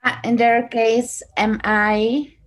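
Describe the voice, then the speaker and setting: Woman, student, slow pace, hesitant, tries out answers. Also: on the high side, flat delivery. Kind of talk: language lesson practice.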